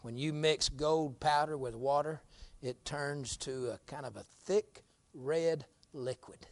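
A man preaching a fiery, folksy sermon, dropping to low murmurs and climbing to shouts. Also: slow pace, dry recording.

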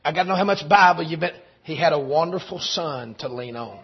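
A man preaching a sermon, shifting from quiet storytelling to shouted preaching. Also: a little high, expressive, fairly quick, breathy edge. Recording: dull lo-fi recording.

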